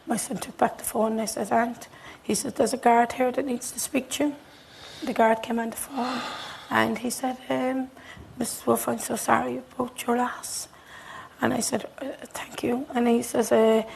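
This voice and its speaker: A woman with an Irish accent, recalling in an interview as a bereaved mother, halting and repeating herself, at times dropping to a whisper. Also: fairly high pitch, creaky, darkish tone, slight background noise, rough recording. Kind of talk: emotional interview recollection. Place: TV studio.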